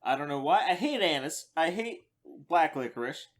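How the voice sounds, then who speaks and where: A man co-hosting a comedy podcast, chatting in a wry, teasing way. His voice sits a little high and moves up and down a great deal as he talks. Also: normal speed. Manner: wry, teasing, lively delivery. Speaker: podcast co-host. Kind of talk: casual comedic chat.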